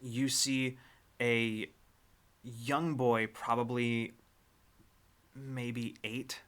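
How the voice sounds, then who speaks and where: A man narrating a tabletop role-playing game as game master. He describes scenes in a halting way, with frequent fillers and restarts. His voice is bright and sits at an ordinary pitch. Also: level tone.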